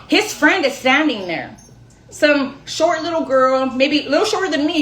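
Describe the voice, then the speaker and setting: Young woman rambling through a story, kinda high voice, laughs at herself, roomy echo. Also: expressive, moderate pace, a bit bright. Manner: chatty, rambling, self-mocking with laughs. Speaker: storyteller vlogger. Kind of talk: casual storytelling to camera.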